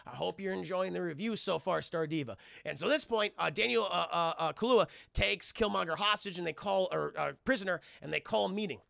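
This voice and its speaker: Young male streamer, casual and rambling, gravelly bright voice, close dry mic. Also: high-pitched, fairly quick, hardly any pauses, dry recording. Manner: animated, rambling, swears, acts out quotes. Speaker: streamer reviewing a film. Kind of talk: casual livestream chat.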